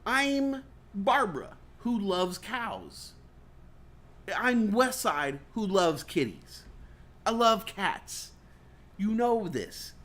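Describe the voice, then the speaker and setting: A talk show host tells comic stories with big swings of pitch, jumping into other people's voices as he goes. His voice is bright and high, and he swears freely in a loose, casual chat. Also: extremely slow, pauses often. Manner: animated, swears freely, acts out quoted voices. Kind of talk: comedic storytelling chat. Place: studio or stream set.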